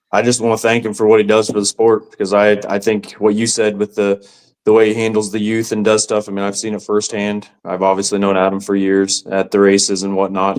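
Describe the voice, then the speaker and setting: A man speaking as a podcast guest in a sincere, halting way, restarting his sentences as he talks. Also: on the low side, darkish tone, clear, resonant tone. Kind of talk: casual conversation.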